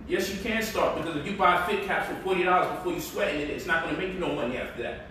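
A man's voice: high-pitched, fast talker, sharp tone, a little hiss or hum. A man hosting a casual livestream, teaching stock investing in a loose, joking, slangy way from his home. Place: home, indoors. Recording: echoey room, mic at a distance.

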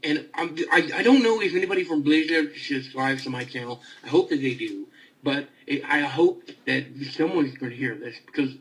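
A man angrily ranting about a video game, stammering and repeating himself as he swings between outbursts and low muttering. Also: animated, moderate pace, a bit bright, poor audio. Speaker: video gamer. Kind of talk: angry ranting vlog.

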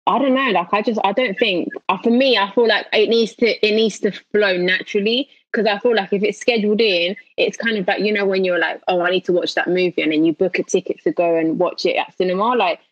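A woman's voice: mid-range voice, fairly quick, few pauses, dry recording, lo-fi sound. Rambling young woman, dry sound. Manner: rambling, filler-heavy, giggly. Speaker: podcast co-host. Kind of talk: casual chat.

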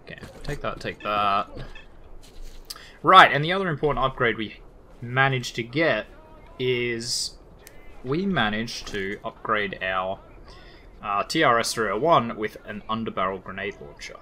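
Lively, bright-voiced Australian gamer guy. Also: medium pitch, measured pace, long pauses, a little hiss or hum. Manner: chatty, rambling, casually profane. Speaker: let's play gamer. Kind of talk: casual gameplay commentary.

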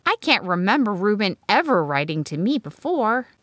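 A woman's voice: mid-range voice, normal speed, no echo, pitched above the performer's own voice. A woman voicing an earnest, spirited eighteen-year-old schoolteacher in an audiobook. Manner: lively, bright-toned dialogue reading.

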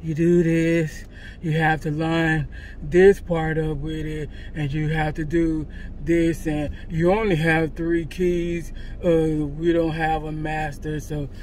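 A woman doing a droning monotone clerk. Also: deep voice, a little hiss or hum, voice pushed down. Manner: slow, flat, droning instructions. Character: dry, monotone male storage clerk.

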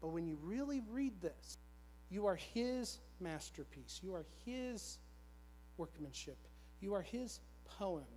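A man's voice: sits high, expressive, takes it slowly, a little mellow, slight background noise. A man in his thirties preaching a sermon in a church, telling a personal story in a conversational, repetitive, self-deprecating way. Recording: long church hall reverb.

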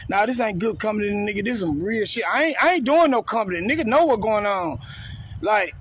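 A man's voice: high voice, lively intonation, brisk, fairly bright tone, slightly rough, dry recording. A man delivering a confrontational, profane rant on a live video and taunting someone over and over. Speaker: streamer ranting on a live video.

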